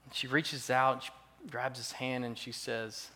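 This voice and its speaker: A man preaching a sermon as pastor, earnest and measured, building to emphatic swells. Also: mid-range voice, flat delivery, pushed and bright. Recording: long reverb of a large hall.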